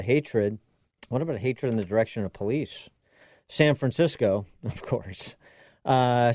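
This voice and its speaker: A man's voice: medium pitch, dark tone, dry recording, clean studio sound. A man hosting a talk radio show, giving sarcastic commentary with mocking asides and frequent fillers. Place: radio studio.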